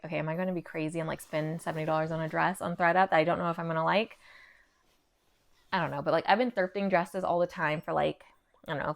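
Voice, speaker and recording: Chatty young woman with a gravelly voice. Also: lowish voice. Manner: chatty, lots of "like" fillers. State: a little out of breath. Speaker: fashion vlogger. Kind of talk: casual haul chat.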